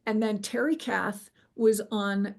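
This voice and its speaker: A middle-aged woman recounting a personal near-death experience in an interview, animated and acting out what people said, with frequent fillers. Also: mid-range voice, slow, vocal fry. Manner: animated storyteller, acts out quoted dialogue, frequent fillers. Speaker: guest telling her near-death experience.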